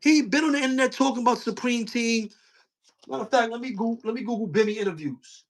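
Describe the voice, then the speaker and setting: High-voiced man who keeps cutting in. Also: quick pace. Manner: challenging, cuts in with "hold on". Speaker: host. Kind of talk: casual debate.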